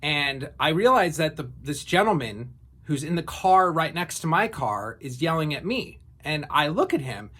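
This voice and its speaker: A man's voice: on the high side, big pitch swings, moderate pace, fairly bright tone. A man in his thirties telling a personal story in a casual, reflective way, with frequent fillers and restarts. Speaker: vlogger.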